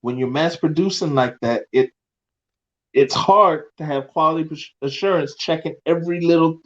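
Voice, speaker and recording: Man guest speaking plainly, somewhat high voice. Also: normal speed. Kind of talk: casual conversation. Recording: dull, lo-fi sound.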